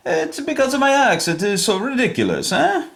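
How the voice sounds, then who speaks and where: A man voicing a self-mocking figure in a high, sing-song voice. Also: wildly swooping pitch, fairly quick, vocal fry, fairly bright tone, exaggerated voice. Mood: indignant. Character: boastful Italian man, complaining about his own silly accent.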